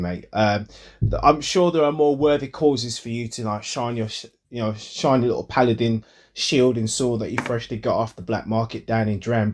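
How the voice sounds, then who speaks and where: A man's voice: mid-range voice, a little mellow, voice pushed down, close to an everyday voice. A man voicing a cocky warlock who uses slangy, dismissive street talk.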